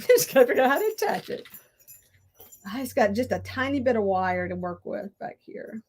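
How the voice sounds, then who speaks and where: A woman's voice: fairly high pitch, big pitch swings, moderate pace, darkish tone. A woman chatting to her viewers while she crafts, talking to herself and laughing often. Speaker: crafting vlogger. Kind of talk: casual crafting chat to viewers.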